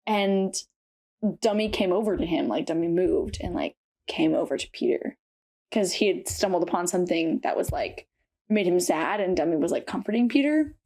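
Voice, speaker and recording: A woman's voice: lowish voice, normal speed. Young woman cohost, casual chatty podcast talk, piles on fillers. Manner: animated, retells stories with lots of fillers. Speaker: podcast co-host. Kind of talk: casual chat.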